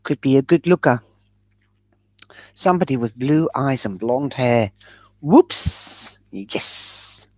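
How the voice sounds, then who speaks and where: A woman reads tarot cards for her live viewers, chatty and generous with endearments. She talks at an unhurried, slow pace. Her voice sounds dry and close, with no room around it. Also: very deep voice, mellow, no room sound. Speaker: tarot reader. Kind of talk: live-stream tarot reading.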